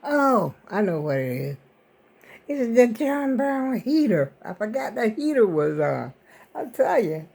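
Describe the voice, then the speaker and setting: A woman's voice: on the high side, big pitch swings, unhurried, gravelly, a little mellow, slightly rough. An older woman vlogger, rambling in casual chat to her viewers. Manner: rambling, chatty, talks to viewers as y'all.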